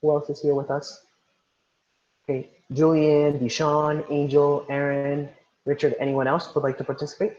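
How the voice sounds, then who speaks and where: A man's voice: on the high side, flat delivery, normal speed, a little mellow. A man teaching an online class, repeating instructions and calling on students by name over a video call. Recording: roomy, dull lo-fi sound.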